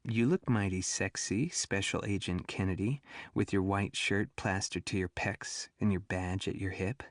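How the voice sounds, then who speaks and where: A man reading an audiobook and voicing a young woman with a soft, light Southern accent. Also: low voice, fairly even intonation, normal speed, no echo, studio quality, close to an everyday voice. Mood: warm, teasing.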